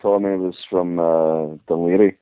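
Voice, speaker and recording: A man's voice: low-pitched, fairly even intonation, measured pace, a crowd in the background. A man calling in to a radio show, chatting casually and opening his turns with fillers such as "listen". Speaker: caller. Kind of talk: casual phone-in chat. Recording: tinny dry phone line.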